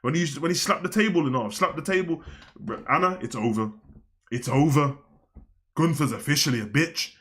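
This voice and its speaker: Animated slangy man reviewing wrestling. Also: fairly high pitch, fairly quick. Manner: animated, slangy, swings between loud outbursts and mumbled asides. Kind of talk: casual live-stream wrestling review.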